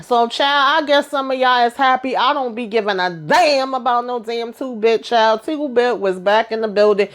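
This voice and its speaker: Animated chatty woman recapping TV drama. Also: fairly high pitch, moderate pace, few pauses. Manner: animated, slangy storytelling with asides like "child" and "okay?". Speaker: TV episode recap reviewer. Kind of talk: casual chatty episode recap.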